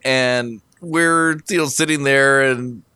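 A man's voice: mid-range voice, takes it slowly, clear, resonant tone, no echo. A man casually telling a long story to a co-host, swearing a lot and laughing as he goes. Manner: profane, laughing, animated retelling.

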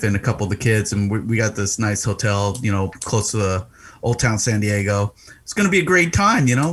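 Middle-aged guy on a podcast, average pitch, gruff and joking. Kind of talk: casual storytelling chat.

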